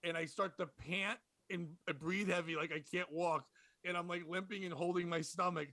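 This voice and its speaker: A man with a high, bright, sharp voice tells a rowdy comedy club story in casual chat. He talks animated and profane, laughing as he goes. The sound is close and dry. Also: moderate pace, no room sound. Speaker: podcast host and comedian.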